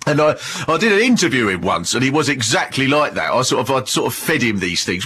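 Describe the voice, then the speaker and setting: Husky, forceful man telling rambling anecdotes. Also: mid-range voice, fast talker, few pauses. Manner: rambling anecdotes, laughing, gets excited. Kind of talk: casual chat, storytelling.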